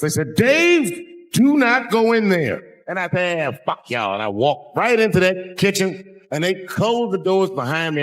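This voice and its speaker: A man telling a long, profane story on stage as a stand-up comedian. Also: on the high side.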